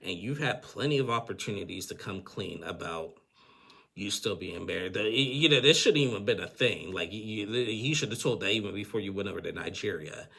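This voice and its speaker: A man's voice: on the low side, expressive, fairly quick, creaky, pushed and bright. A man giving a casual, rambling recap of a TV episode, often restarting his sentences and chuckling. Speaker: TV recap host.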